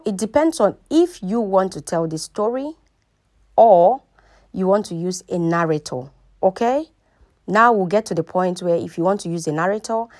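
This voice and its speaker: A woman's voice: fairly low pitch, dry recording, clean studio sound. A woman hosting a casual step-by-step tutorial. She repeats herself often and keeps checking in with the viewer. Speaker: tutorial host. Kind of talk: casual screen-recording tutorial.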